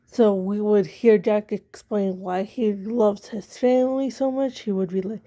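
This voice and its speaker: A woman's voice: medium pitch, steady tone, unhurried, mellow. A woman casually rambling through her own story ideas, amused at herself. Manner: rambling, self-amused, many fillers. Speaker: amateur story writer.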